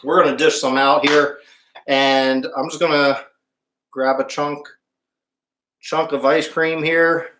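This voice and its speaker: A man with a slightly high, fairly bright voice speaks slowly and flatly, pausing often, in a roomy-sounding space. He hosts a casual cooking live stream, chatting with viewers and stopping to hum as he tastes the food.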